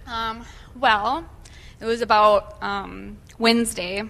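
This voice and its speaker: A woman's voice: a little high, steady tone, slow pace, vocal fry, a bit bright. Nervous woman telling a church testimony. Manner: hesitant, many fillers, shaky voice. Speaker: church member sharing a testimony. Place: church sanctuary.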